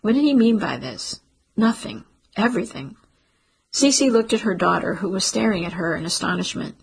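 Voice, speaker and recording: Husky, breathy woman narrating. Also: medium pitch, animated, moderate pace, low-quality recording. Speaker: audiobook narrator. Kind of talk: scripted narration.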